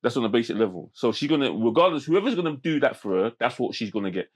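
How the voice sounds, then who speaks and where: A man, a podcast guest telling stories in animated street slang with many restarts. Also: mid-range voice, quick pace. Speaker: podcast guest, men's mental health campaigner. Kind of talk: casual podcast conversation.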